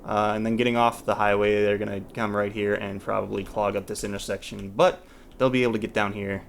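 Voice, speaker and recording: A man's voice: lowish voice, level tone, brisk, creaky, slight background noise. Man chatting through a city-builder playthrough. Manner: thinks aloud, restarts and trails off, mildly exasperated. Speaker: let's play host. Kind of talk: casual gameplay commentary.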